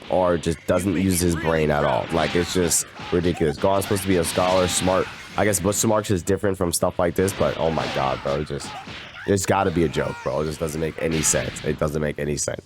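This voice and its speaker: A young man streaming a game, talking in a slangy, exasperated, rambling way. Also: low-pitched. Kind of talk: casual rant while gaming. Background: video game music.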